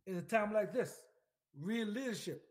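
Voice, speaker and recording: His voice is high, animated, and darkish, moving at a normal speed. Ranting as a military veteran about politics, he is emphatic and swears often, circles back to the same points, and keeps putting direct questions to his audience.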